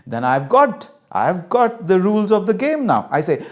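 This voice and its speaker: A man giving a lecture on cultural values. He teaches through an animated story and acts out the dialogue. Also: on the high side, moderate pace. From India. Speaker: cultural intelligence trainer.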